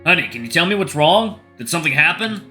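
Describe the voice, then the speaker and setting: A man voicing a worried male bear in a game, speaking in an urgent, coaxing and loud way. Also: on the high side, very animated, quick pace, soft background music, voice pushed up, heavily acted.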